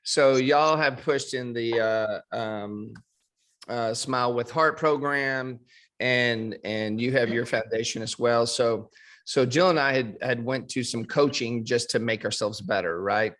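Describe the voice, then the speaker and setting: A man, a dentist guest in an interview, speaking in a measured way with frequent pauses. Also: medium pitch, fairly bright tone. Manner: measured, with many fillers and restarts.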